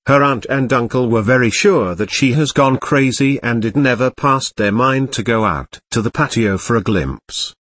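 A man narrating a first-person story aloud in a plain, steady reading manner. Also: medium pitch, moderate pace, few pauses.

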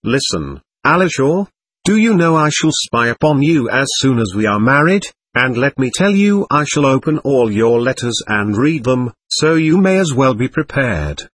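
A playful young woman teases and pleads with fervent eagerness, as a male reader puts her on. The voice rises and falls in lively sweeps. It is slightly husky and sits in a dry, close sound. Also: medium pitch, moderate pace, no echo.

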